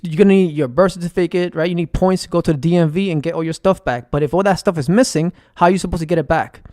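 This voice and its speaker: A man's voice: high-pitched, dry recording, studio quality. Rambling, profane New man. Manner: rambling, profane, with frequent fillers and repeated phrases. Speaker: streamer. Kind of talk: agitated rambling monologue.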